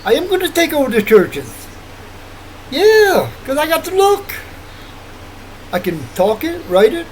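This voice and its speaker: Rambling older man, high lively voice. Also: moderate pace, a little hiss or hum, poor audio. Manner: rambling, wandering, laughs often. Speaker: vlogger. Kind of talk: rambling late-night monologue.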